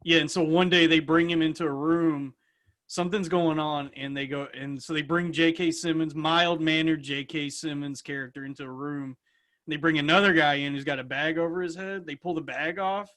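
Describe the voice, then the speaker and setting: A man co-hosting a podcast, telling a story with excitement and joking with friends. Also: on the high side, moderate pace. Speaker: podcast co-host. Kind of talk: casual chat. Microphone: video call.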